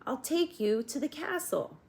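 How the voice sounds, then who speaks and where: A woman's voice: high-pitched, animated, measured pace, creaky, darkish tone, pitched above the performer's own voice, full character voice. A woman voicing a dutiful male soldier of the king who talks in a stiff, formal, patient way.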